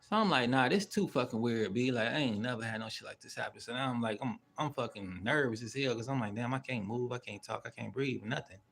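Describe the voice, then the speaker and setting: A man's voice: medium pitch, steady tone, fast talker, vocal fry, hardly any pauses, fairly bright tone. A man hosting his own channel, telling a story in a loose, rambling, slangy way with heavy swearing. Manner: rambling, with many fillers and asides. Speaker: channel host. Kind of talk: casual spoken storytelling.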